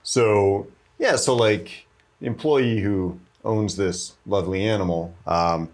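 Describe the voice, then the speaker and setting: Deep-voiced man with dry ribbing. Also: slow pace. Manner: dry ribbing, rambling asides. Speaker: co-host. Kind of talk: casual office banter.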